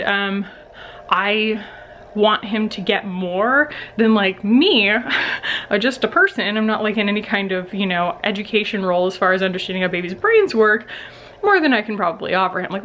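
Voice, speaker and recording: A woman's voice: mid-range voice, fairly bright tone, a little hiss or hum. A young woman chatting casually to camera in a home vlog, full of fillers and little laughs. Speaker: vlogger.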